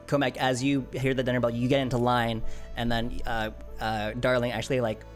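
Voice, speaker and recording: A man's voice: medium pitch, level tone, a little fast, faint music behind. A young man narrating as game master of a tabletop game, casual and rambling with many restarts.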